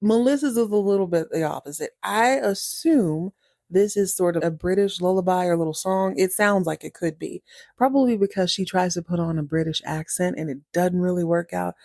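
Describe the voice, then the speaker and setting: A woman's voice: fairly low pitch, brisk, vocal fry, a little mellow, no room sound, studio quality. A woman host casually recapping a TV series, chatty and wry, laughing often and acting out the characters' lines.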